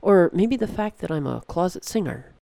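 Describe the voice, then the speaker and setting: A narrator voicing a scowling, bragging, middle-aged male pest controller who speaks low and dry. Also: lively intonation, moderate pace, creaky, warm tone, dry recording. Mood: wry. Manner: dry, wry, low-voiced.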